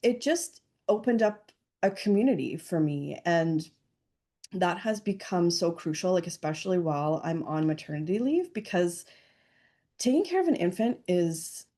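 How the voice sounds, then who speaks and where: Mellow-voiced chatty woman guest. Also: on the low side, expressive, normal speed. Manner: chatty, lots of fillers and "like". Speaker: podcast guest. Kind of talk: casual chat.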